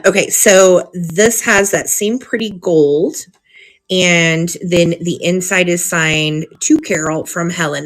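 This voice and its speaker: Chatty lady running a live sale stream, gushy and giggly, voice on the low side. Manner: chatty and gushing, often giggling. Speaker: host of a live vintage sale. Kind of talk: casual live-sale chat, reading old cards aloud.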